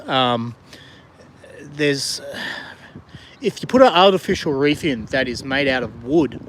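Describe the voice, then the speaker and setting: A man's voice: medium pitch, a bit bright, a little hiss or hum. A middle-aged Australian man live-streaming from a kayak on a river, chatting casually and rambling with fillers as he greets viewers. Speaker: vlogger and diver. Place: outdoors on a river kayak in the rain.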